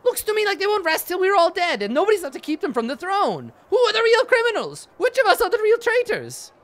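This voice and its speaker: A man putting on a shrill ranting rabble-rouser. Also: big pitch swings, normal speed, exaggerated voice. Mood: outraged. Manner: shrill accusing shouts. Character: furious male rabble-rouser stirring a crowd. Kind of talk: reading game dialogue aloud.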